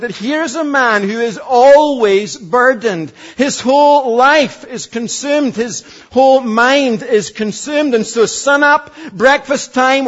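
Earnest preacher, high voice, muffled. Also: male voice. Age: 40s. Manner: earnest, swings from loud to hushed. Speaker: pastor. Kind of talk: sermon.

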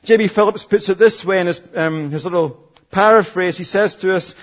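Earnest preacher, high voice, muffled. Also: male voice, brisk. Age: 40s. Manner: earnest, swings from loud to hushed. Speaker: pastor. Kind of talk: sermon.

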